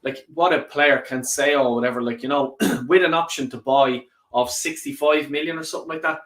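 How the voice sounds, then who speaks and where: A man hosting a football fan live stream, reading viewer comments in a lively, sweary way. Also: medium pitch, a little fast, roomy sound. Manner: animated and sweary, rants and laughs often. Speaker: football fan channel host.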